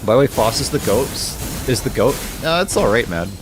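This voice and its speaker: A man's voice: medium pitch, expressive, fairly quick, over music. A man streaming a game and chatting casually, laughing often as he answers his viewers' messages. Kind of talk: casual livestream chat.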